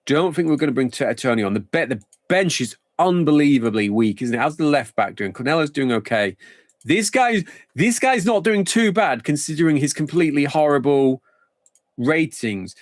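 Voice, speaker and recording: A man's voice: a little high, very animated, moderate pace, dry recording, studio quality. A man streaming a football management game live, thinking aloud in a rambling, casual way.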